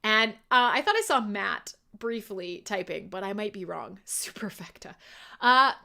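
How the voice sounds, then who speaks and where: A woman's voice: mid-range voice, sing-song, unhurried, vocal fry, pushed and bright. A woman hosting a live internet radio show, chatting casually with listeners, laughing often and swearing freely. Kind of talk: casual live-stream chat.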